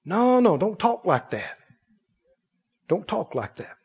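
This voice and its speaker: High-voiced, lively preacher in a hall. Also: male voice, takes it slowly, breathy edge. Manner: emphatic preacher, swings from loud to hushed. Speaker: pastor. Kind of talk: sermon. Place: church sanctuary. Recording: dull echoing church hall.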